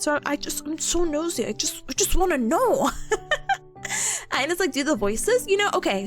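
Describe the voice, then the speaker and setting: A young woman streamer rambles happily to her chat, giggling between thoughts. Her voice sits high and leaps up and down with excitement. Faint music plays under her talk. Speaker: VTuber streamer.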